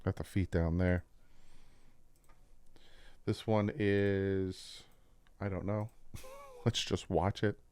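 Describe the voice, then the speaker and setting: A man with a New Jersey accent casually breaking down football practice clips as a channel host, explaining plays with excitement. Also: sits low, drawn-out words, long pauses, clear, resonant tone. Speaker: sports commentator.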